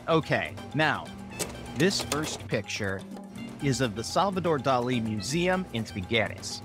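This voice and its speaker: Unhurried, animated man. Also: medium pitch, music in the background. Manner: animated, exasperated, playful. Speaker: podcast co-host. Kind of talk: scripted comedy banter.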